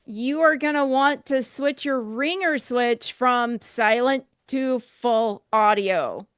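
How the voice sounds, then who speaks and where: A podcast co-host speaks casually and matter-of-factly. Her voice sits high. The sound is dry, with little room behind it. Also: takes it slowly, a bit bright, clear, resonant tone, no room sound.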